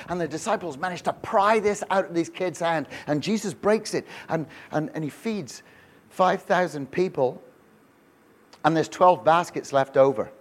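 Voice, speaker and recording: A man's voice: a little high, moderate pace. A man preaching a humorous sermon, telling stories with jokes, rhetorical questions and frequent restarts. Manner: storytelling, joking, many restarts and rhetorical questions. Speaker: pastor.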